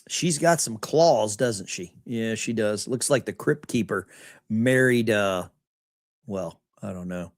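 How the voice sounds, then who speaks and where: A man's voice: fairly low pitch, slow pace, no echo, studio quality. A man hosting a live stream, giving mocking commentary on the news and talking straight to his chat.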